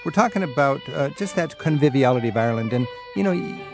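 A man's voice: medium pitch, lively intonation, fast talker, over music. A man hosting a casual chat, asking curious questions. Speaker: host.

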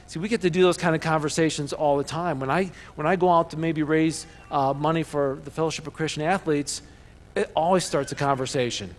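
A man preaching a sermon in an animated way, calling on the congregation to repeat lines back to him. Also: on the high side, brisk. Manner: animated, calls for congregation responses. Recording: long hall reverb.

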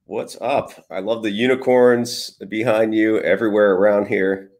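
A man appearing as a guest on a podcast, relaxed and easygoing. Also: on the low side, moderate pace. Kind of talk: casual podcast interview.

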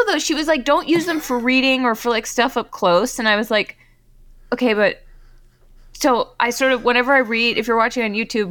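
Podcast guest, woman in her thirties, bright and animated, tells stories with laughs, dry close mic. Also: on the high side, no room sound. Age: 30s. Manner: animated storytelling, quotes herself and others with a laugh. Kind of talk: casual podcast chat.

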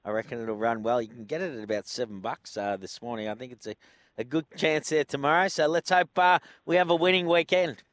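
Racing show host, dry studio sound. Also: male voice, medium pitch, a little fast, a bit bright, no room sound. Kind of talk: casual radio chat.

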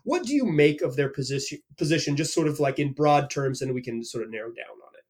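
A man's voice: on the high side, fast. A man hosting a casual podcast interview, talking with energy and telling stories with lots of restarts. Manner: energetic, animated storyteller with frequent restarts. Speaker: podcast host and team reporter.

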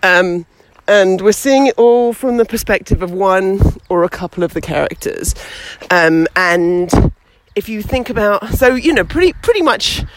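A woman hosting a podcast, teaching storytelling in a lively, chatty way while she walks outdoors with her baby. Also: medium pitch, measured pace, noisy background. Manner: lively and chatty, with many fillers. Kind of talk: casual instructional talk. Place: outdoors, walking with a baby past traffic.

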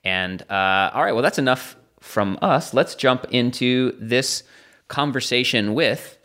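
A man's voice: mid-range voice, measured pace, sharp tone. An American man hosting a podcast in a casual, upbeat and chatty way. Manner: upbeat, chatty, laughs at own pronunciation. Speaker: podcast host.

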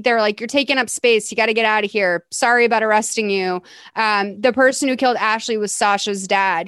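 A woman hosting a podcast, recapping a movie in casual, animated chat with lots of laughs and "like". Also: medium pitch, smooth, dry recording. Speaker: podcast host.

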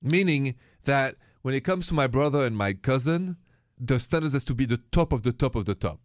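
A man's voice: mid-range voice, expressive, a little fast, no echo, clean studio sound. French-accented man hosting a radio talk show. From France. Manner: chatty, easygoing, reads listener emails aloud. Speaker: radio co-host.

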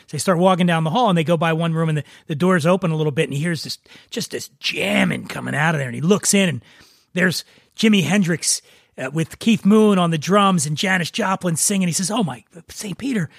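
A man's voice: fairly high pitch, a little fast, vocal fry, no room sound, studio quality. A man hosting a casual drinks podcast, chatting and telling jokes with frequent stammering restarts. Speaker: podcast host. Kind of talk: casual chat, joke telling.

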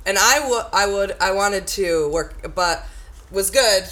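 A woman's voice: medium pitch, slow. Profane, heated woman telling a story. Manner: heated, profane, animated retelling. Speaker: storyteller in a group chat. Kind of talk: casual chat.

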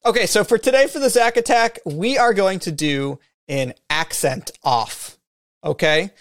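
A man's voice: sits high, unhurried, a bit bright, no room sound, clean studio sound. A man co-hosting a podcast, upbeat as he runs a game segment. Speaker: podcast co-host. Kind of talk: casual chat.

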